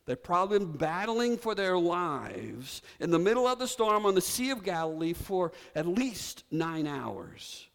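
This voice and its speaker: Male pastor, high lively voice, animated sermon storytelling, long hall reverb. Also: unhurried, creaky, few pauses. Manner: animated storytelling preacher, leads congregation in call-and-response.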